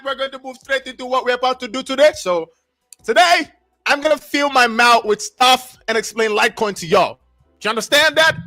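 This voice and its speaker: A man hosting a casual live stream, talking in an excitable, repetitive, slangy hype style. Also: extremely high pitch, fairly quick, faint music behind. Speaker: livestream host.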